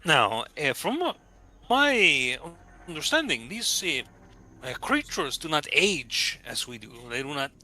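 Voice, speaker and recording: A man's voice: on the high side, big pitch swings, unhurried, pushed and bright, heavily acted, low-quality recording. A man doing a male scholar. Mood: lecturing. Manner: formal, hesitant, polite. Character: formal male scholar with a Spanish accent.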